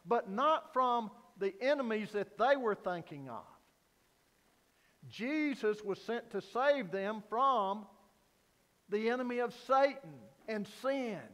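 Pastor, male, high voice, unhurried delivery, earnest sermon in a reverberant sanctuary. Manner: earnest preaching, rising to loud emphasis then dropping low. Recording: long hall reverb.

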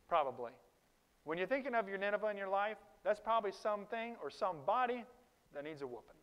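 A male pastor preaching a sermon, shifting from quiet stretches to loud, high-pitched emphatic bursts. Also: sing-song, a little fast, in a large hall.

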